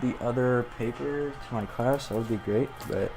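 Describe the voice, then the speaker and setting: A man playing a tabletop game, calmly working out his moves aloud with fillers and pauses. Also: medium pitch. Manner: measured, thinking aloud with fillers. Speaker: player. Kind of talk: casual tabletop play.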